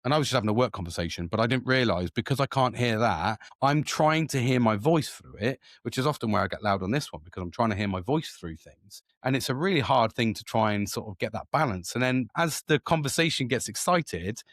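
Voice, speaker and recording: Sweary, animated man. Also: medium pitch, a little fast, hardly any pauses, dry recording, studio quality. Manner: sweary, animated storytelling with acted-out quotes. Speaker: podcast host. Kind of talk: casual candid monologue.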